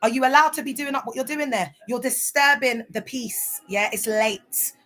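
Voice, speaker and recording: A woman's voice: fairly high pitch, normal speed, fairly bright tone, a little hiss or hum. A woman speaking out in a casual vlog monologue, impassioned, sometimes spelling out words letter by letter. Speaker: former church member speaking out.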